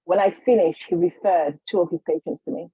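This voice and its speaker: A woman guest, a healer, telling her story in a casual, animated way, acting out the voices of others. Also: on the low side, fairly quick, slightly rough, no echo, narrow, tinny audio. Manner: animated, acts out quotes, frequent restarts.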